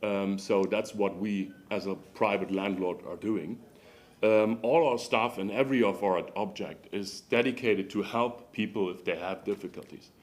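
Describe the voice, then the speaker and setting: A man from Germany with a German accent speaking as a landlord at a council meeting, halting and hesitant with many fillers and non-native phrasing, into a podium microphone. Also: on the low side. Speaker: landlord giving public comment. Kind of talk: unscripted public comment. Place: city council chamber.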